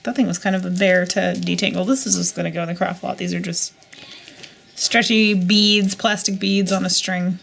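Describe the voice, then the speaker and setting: Woman, thirties, from the U.S.; gravelly, chatty vlogger muttering to herself. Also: on the low side, steady tone, moderate pace, fairly bright tone, slight background noise. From United States. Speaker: jewelry reseller vlogger. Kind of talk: casual chat while unboxing.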